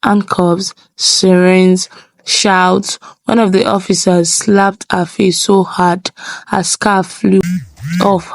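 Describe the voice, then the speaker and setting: A woman narrating a folktale in a measured, dramatic way, drawing out key phrases. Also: mid-range voice, little pitch movement, gravelly. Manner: measured, dramatic pacing with slowed phrases for effect. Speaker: storyteller.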